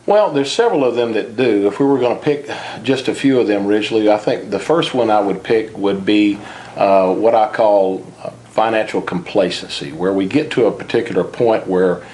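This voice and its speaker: A man's voice: fairly low pitch, normal speed, darkish tone, slight background noise. A man being interviewed as the author of a finance book, talking earnestly and sometimes repeating a word as he starts a thought. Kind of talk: interview about personal finance.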